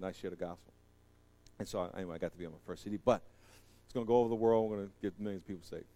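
A man preaching a sermon, animated and joking, swinging from loud emphatic lines to quiet asides. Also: low voice, rapid-fire. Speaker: pastor.

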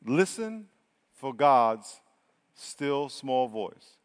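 A man's voice: mid-range voice, very slow, clear, resonant tone. Preaching man in a reverberant hall. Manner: energetic, swings from loud to hushed. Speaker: pastor. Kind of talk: sermon.

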